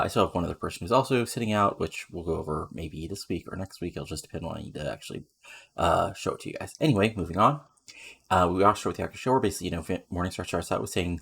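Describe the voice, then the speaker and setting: A man's voice: deep voice, fast talker, gravelly, fairly bright tone, slight background noise. A man giving casual, rambling commentary on a game he is playing, with lots of fillers. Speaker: let's play commentator.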